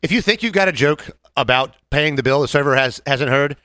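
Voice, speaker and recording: A man's voice: medium pitch, no room sound, clean studio sound. A man chatting casually on a podcast, telling stories and acting out customers. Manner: fast-talking, animated storyteller, acts out customers. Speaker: podcast co-host; restaurant server. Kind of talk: casual chat.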